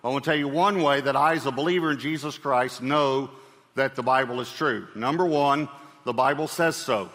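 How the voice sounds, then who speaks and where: A man's voice: medium pitch, moderate pace, fairly bright tone. A man preaching a sermon as pastor, speaking in a conversational way with fillers and light humor. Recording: long hall reverb.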